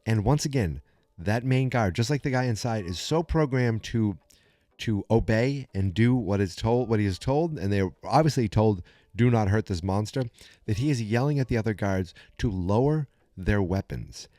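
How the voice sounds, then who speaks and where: A man hosts a podcast and recaps an episode in a chatty, animated way. His voice sits a little low. The recording is close and dry with no room sound. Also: normal speed, no echo. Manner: chatty, animated storytelling with many fillers and restarts. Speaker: podcast host.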